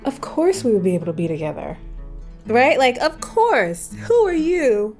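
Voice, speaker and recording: A woman in casual conversation, telling a personal story in an animated, emphatic way with many fillers. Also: on the high side, normal speed, faint music behind. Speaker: partner sharing a personal story.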